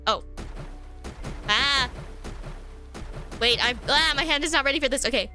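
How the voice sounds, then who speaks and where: Woman streamer reading a game aloud, slow and bright, with playful asides. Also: high-pitched, animated, soft background music. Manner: reads all characters aloud, joking asides. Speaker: streamer voicing a visual novel. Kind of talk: let's-play reading with commentary.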